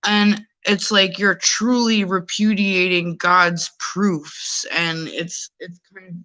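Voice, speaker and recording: Woman from nyc rambling on a call-in show, kinda low but bright voice, real animated. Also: slow. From New York City. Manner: rambling, animated, acts out other people's voices. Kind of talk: casual chat.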